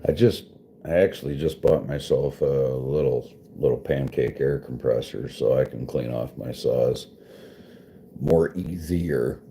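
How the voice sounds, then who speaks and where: A vlogger and livestreamer who has a wife and kids rambles to his viewers in casual chat, swearing and laughing often. His voice is extremely low, dark and unhurried, with some hiss or hum on the recording.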